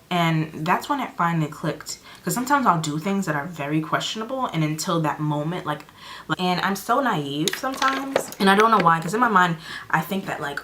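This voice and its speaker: A woman in her twenties telling a story in a casual vlog, animated and dramatic, acting out her own lines. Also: fairly low pitch, slight background noise. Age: 20s. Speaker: vlogger.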